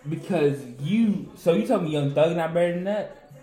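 A man's voice: a little high, normal speed, dark tone, roomy sound, faint music behind, low-quality recording. A young man in casual chat, laid-back and slangy, with an offhand way of talking.

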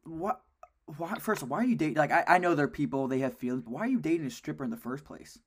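A young man co-hosting a podcast in casual sports chat, telling stories with excited jumps in his voice. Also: quick pace, slightly rough. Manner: animated storyteller, jumps in pitch when excited. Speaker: podcast co-host.

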